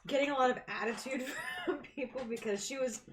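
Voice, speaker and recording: A woman's voice: high voice, very animated, brisk. A woman player in a casual tabletop game, telling stories and laughing often. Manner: chatty storyteller, laughs often. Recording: noisy recording.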